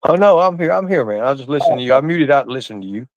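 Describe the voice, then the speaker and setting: A guest caller on a live stream rants bluntly and defensively, cursing plenty and repeating himself for emphasis. He talks very fast with lively intonation in a medium-pitched voice. There's no room sound, but the audio is dull.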